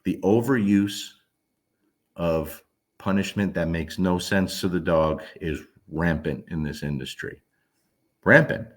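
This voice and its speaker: A man's voice: low voice, measured pace, darkish tone. A man, a dog trainer, talking casually to camera, emphatic and blunt, often asking the listener whether they understand. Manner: emphatic, keeps checking in with the listener.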